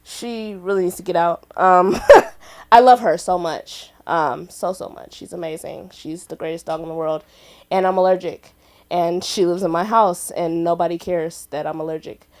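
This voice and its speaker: A young woman doing stand-up at an open mic on a comedy club stage, telling a story with a giggly, animated delivery and loud acted-out voices. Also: on the low side, moderate pace.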